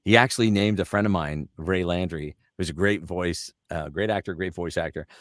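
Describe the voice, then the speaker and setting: A middle-aged male voice actor, appearing as a guest in a casual storytelling chat, has a very low voice captured with a close, dry, echo-free sound. He tells lively, animated anecdotes and slips into quick character impressions when quoting people.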